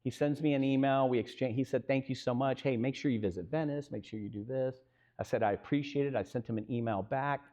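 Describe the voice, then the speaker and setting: A man's voice: medium pitch, fast. A man with a Texan accent telling a business story on a live stage panel, acting out the dialogue and asking the crowd questions. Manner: animated, acts out quoted dialogue, asks the crowd questions. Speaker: real estate company co-founder telling a story on a live panel.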